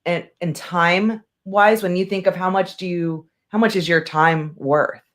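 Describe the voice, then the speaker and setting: Woman, 40s, co-host and agent; lowish voice; rambling, filler-heavy chat. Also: steady tone, unhurried. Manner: chatty and rambling, many fillers. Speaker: co-host, real estate agent. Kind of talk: casual business chat.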